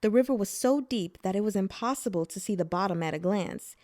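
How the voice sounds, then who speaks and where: A woman reading a novel aloud as narrator, in a plain, steady storytelling manner. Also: medium pitch, a little fast, no echo, clean studio sound. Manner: plain steady narration, voices dialogue briefly. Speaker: audiobook reader.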